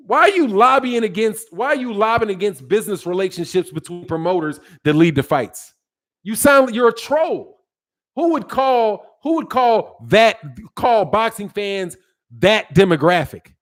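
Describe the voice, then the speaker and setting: A man with a fairly high speaking voice hosts a boxing live stream. He talks in emphatic, repetitive bursts, stressing each point twice over between viewer chat messages. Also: animated, moderate pace, fairly bright tone. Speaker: boxing channel host. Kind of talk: live-stream commentary reading viewer chats.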